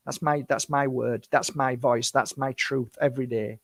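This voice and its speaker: A man's voice: medium pitch, fairly even intonation, moderate pace, gravelly, fairly bright tone, no echo, clean studio sound. A man in his fifties, a spiritual healer, speaking to camera in an impassioned, defensive monologue full of rhetorical questions. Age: 50s.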